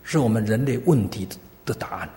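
A man preaching a sermon in short phrases, pausing for his interpreter and rising with emphasis on key lines. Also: lowish voice, expressive, warm tone. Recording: echoey hall.

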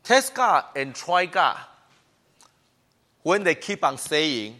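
Lively, bright-voiced man preaching. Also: high-pitched, slow pace, long pauses. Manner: animated, mimics complaining voices. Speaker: pastor. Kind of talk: sermon.

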